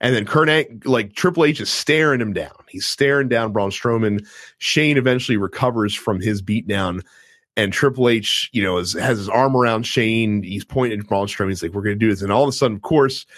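A man casually recapping a wrestling show with a friend, telling it with animated energy and acting out the wrestlers' lines. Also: on the low side, a little fast, dry recording, clean studio sound. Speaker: podcast co-host.

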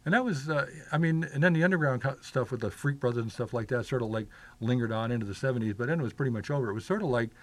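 An older man reminisces at a brisk, quick clip, piling up filler words and restarting his sentences. His voice sits at an ordinary middle pitch, and the talk is loose and conversational. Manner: rambling, many filler "like"s and restarts. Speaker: guest. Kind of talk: casual storytelling chat.

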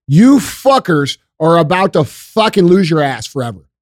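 A man's voice: on the high side, big pitch swings, moderate pace, no room sound, clean studio sound. A man in his forties hosting a podcast, ranting with heavy swearing and emphatic repetition. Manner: profane, emphatic, repeats himself. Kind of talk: heated opinionated rant.

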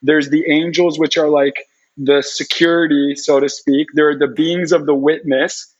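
A man telling a long personal story in an animated, rambling way, full of "like" fillers. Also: fairly high pitch, moderate pace, breathy edge. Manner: rambling, heavy use of "like" fillers. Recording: dull lo-fi recording.

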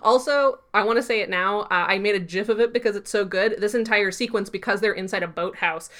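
A woman in a relaxed podcast chat, walking through a TV episode scene by scene. Her voice sits at a middle pitch. She tells the story with lively energy and loose fillers. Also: quick pace. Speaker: podcast co-host. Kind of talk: casual episode recap chat.

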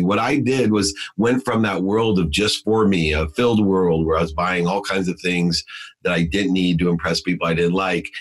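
A middle-aged man with a very low, husky voice speaks as a podcast guest. He tells his story with emphatic, preachy force and slips into motivational slogans. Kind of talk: personal story and advice in a podcast interview.

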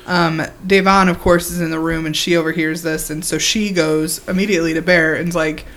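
A woman's voice: sits low, steady tone, fairly quick, a bit bright. A woman co-hosting a podcast, chatting casually and rambling with lots of ums as she recaps a reality show. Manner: rambling, many ums, laughs often. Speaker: podcast co-host.

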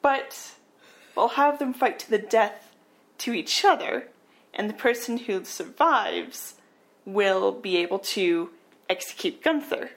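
A woman voicing a stern male boss of an underground court, slow and deliberate, in a film recap. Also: mid-range voice, expressive.

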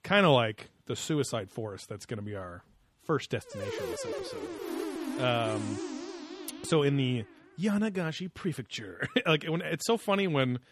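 A man's voice: mid-range voice, lively intonation, normal speed, music in the background. A man co-hosting a podcast in casual, crude banter, joking and laughing often between rambling asides. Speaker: podcast co-host.

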